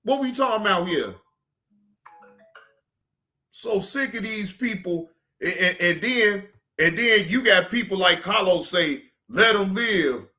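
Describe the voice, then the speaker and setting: A man hosting a casual reaction stream, ranting in an animated, emphatic and joking way. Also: sits high, measured pace, pauses often. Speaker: streamer host.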